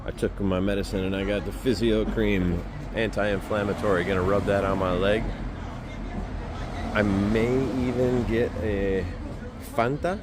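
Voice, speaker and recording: This vlogger, walking a pilgrimage through a town, speaks a little slowly in a lowish voice with fairly even intonation. He talks to his camera in a chatty, rambling way, cracking jokes at himself, with street noise in the background.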